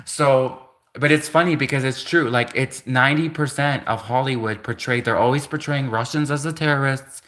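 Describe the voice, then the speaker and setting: A man's voice: medium pitch, moderate pace, fairly bright tone. A man in his thirties hosting a livestream, telling a story in a rambling, casual way, full of "like" and self-corrections, laughing between thoughts. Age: 30s. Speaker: livestream host.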